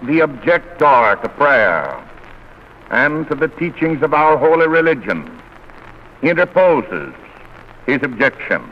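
A man preaching a sermon in an earnest, measured oratorical delivery, on an old radio recording. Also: on the high side, lo-fi sound, slight background noise.

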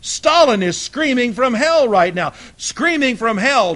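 A man preaching a fiery sermon, swinging between loud emphatic bursts and low, quiet asides. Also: big pitch swings, unhurried.

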